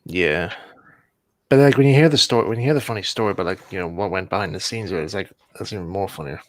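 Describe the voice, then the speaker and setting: Low-voiced young man chatting, rambling. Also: quick pace, no echo. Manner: rambling, laughing, self-correcting. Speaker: livestream host. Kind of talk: casual chat while building models.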